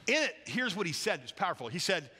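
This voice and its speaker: A man preaching a sermon as a pastor, lively and joking, acting out voices as he tells the story. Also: high voice, fast, slightly rough, long reverb tail. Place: large church hall.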